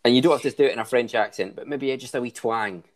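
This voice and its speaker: A man's voice: medium pitch, fast talker. A man hosting a casual podcast chat, running a quiz in an upbeat way. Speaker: podcast host.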